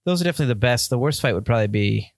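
A man's voice: medium pitch, animated, racing, no echo. Male co-host, opinionated, emphatic, dry close mic. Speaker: podcast co-host. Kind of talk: casual chat.

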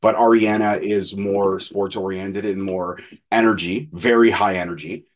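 A man's voice: deep voice, steady tone, measured pace. A man in his thirties, a podcast co-host, telling personal stories in candid, profane, casual chat. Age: 30s.

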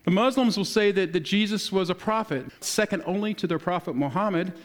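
High-voiced man preaching a conversational sermon. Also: fairly quick. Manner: conversational teaching with frequent restarts.

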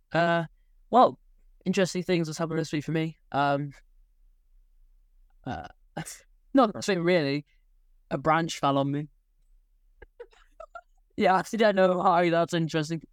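A man's voice: on the high side, measured pace, long pauses, clean tone, no room sound, studio quality. A young man co-hosting a casual podcast, rambling and laughing as he talks. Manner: rambling, self-interrupting, laughs often. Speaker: podcast co-host.

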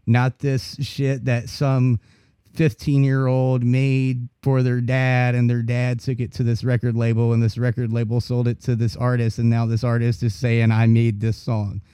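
A man's voice: medium pitch, flat delivery, moderate pace, dark tone, clear, resonant tone, no echo, studio quality. A man hosting a podcast, speaking bluntly and profanely with firm opinions. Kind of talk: casual podcast conversation.

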